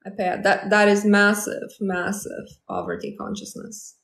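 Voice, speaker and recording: A woman's voice: medium pitch, sing-song, moderate pace, a bit bright, echoey room. A woman hosting a casual live stream as a manifestation coach, talking confidently and chattily to viewers. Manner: confident, chatty, acts out quoted lines.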